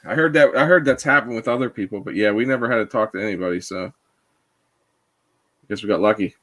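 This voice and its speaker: Man co-hosting a relaxed chat. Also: lowish voice, quick pace. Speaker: co-host. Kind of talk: casual chat.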